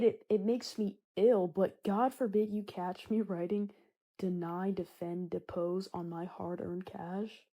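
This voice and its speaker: Sarcastic teenage girl ranting comedically. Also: medium pitch. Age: teens. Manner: sarcastic, dramatic bursts of loud indignation. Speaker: comedy vlogger. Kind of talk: comedic monologue.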